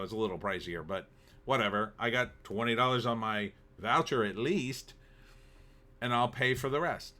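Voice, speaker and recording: Man, bright tense voice, sarcastic, exasperated, casual storytelling rant. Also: fairly low pitch. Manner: exasperated, sarcastic, acts out both sides of the dialogue. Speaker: vlogger telling a story.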